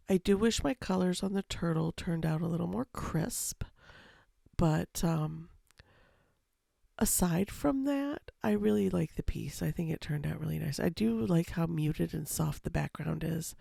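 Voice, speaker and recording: A woman with a slightly scratchy voice, speaking low and softly over a watercolor tutorial, rambling with lots of ums. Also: vocal fry, slightly rough, no echo, clean studio sound. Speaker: watercolor painting instructor. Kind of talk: casual voice-over for a painting tutorial. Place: home, with a baby asleep in another room.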